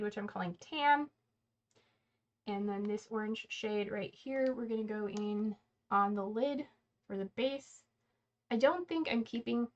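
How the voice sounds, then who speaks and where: Woman, slightly high voice, chatty makeup livestream host, rambling, self-correcting, dull lo-fi sound. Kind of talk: casual get-ready-with-me livestream chat.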